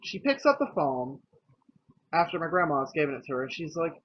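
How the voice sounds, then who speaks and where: A young man telling a personal story to camera, candid and hesitant, pausing and restarting often. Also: a little high, big pitch swings. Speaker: vlogger. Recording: dull lo-fi with faint noise.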